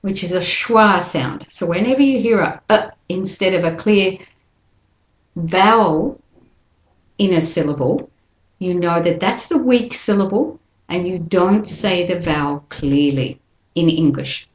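A woman with a fairly low voice teaches pronunciation at a very slow, careful pace. She draws out each word so listeners can repeat after her. The room around her rings with echo. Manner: slows down to model words, repeats them for listeners to copy. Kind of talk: slow, deliberate teaching with drills.

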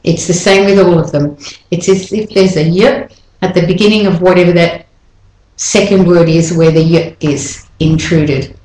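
A woman teaching an English pronunciation lesson, saying words slowly and repeating each one for the listener to copy. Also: on the low side, fairly even intonation, dark tone, echoey room, low-quality recording.

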